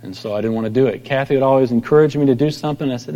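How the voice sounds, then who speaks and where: A middle-aged pastor giving a conversational sermon, telling stories and acting out quoted voices. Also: male voice, medium pitch, rapid-fire, warm tone, highs cut off. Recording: long hall reverb.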